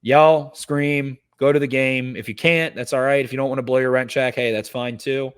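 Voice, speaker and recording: Guy on a sports pod, all hyped up and yelling, cussing a bunch. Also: mid-range voice, steady tone, a little fast, clear, resonant tone. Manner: fired-up, hollering pep talk with cursing. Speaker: podcast co-host. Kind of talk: casual sports podcast chat.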